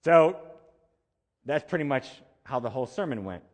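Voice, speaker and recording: A man's voice: mid-range voice, sing-song, normal speed, in a large hall. A male pastor giving a conversational sermon, repeating key phrases for emphasis. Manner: conversational preaching with emphatic repetition.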